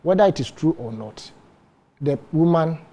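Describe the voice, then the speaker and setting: A Ghanaian man speaks earnestly on a morning show panel and uses his own life as an example. His voice is slightly high and mellow. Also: expressive, moderate pace, gravelly. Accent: Ghanaian English. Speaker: studio guest.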